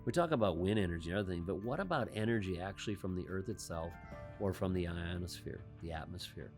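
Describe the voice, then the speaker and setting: Low-voiced man hosting a commentary. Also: fast talker, over music. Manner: rhetorical questions with wry asides. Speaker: host. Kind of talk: commentary monologue.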